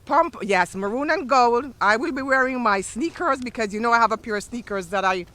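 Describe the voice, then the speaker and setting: A woman school superintendent speaks at a ceremony on an outdoor field, with a lively, joking manner. She talks straight to the crowd. Her voice is bright and edged. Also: on the high side, brisk. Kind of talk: ceremony speech.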